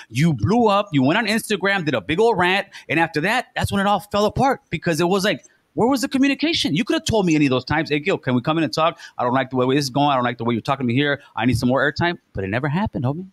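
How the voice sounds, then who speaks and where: Fast-talking man, heated. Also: high voice, dry recording. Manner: fast, accusing, profane, repeats himself. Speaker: podcast host. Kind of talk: heated confrontation.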